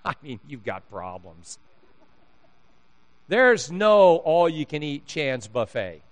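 A man's voice: on the high side, slow, pauses often. A man preaching a sermon, telling funny stories and acting out the dialogue in them, laughing often. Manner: animated storyteller, acts out dialogue, laughs often. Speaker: pastor. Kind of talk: sermon with humorous storytelling.

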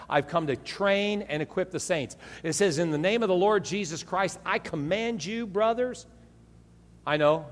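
A man with a high voice preaches a sermon as a pastor, heard in a big-room acoustic. He tells stories with animation, acting out the voices of the people in them.

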